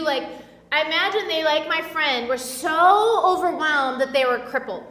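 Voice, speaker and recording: Bright-voiced chatty woman preacher. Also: sits high, animated, moderate pace, reverberant, long reverb tail, distant mic. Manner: chatty, filler-heavy, acts out quoted voices. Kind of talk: casual sermon. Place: church.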